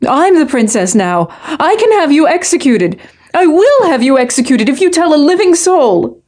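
A woman reading a scared young usurping princess in a story, haughty and threatening, her voice warbling high and scared. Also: normal speed, warm tone, natural voice. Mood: frightened threats. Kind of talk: audiobook role reading.

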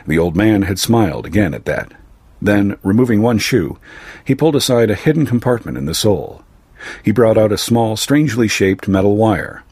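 In a measured, even delivery, a man with a low, slightly husky voice narrates a scripted fantasy story. The recording is dry and close, with no room sound and no echo.

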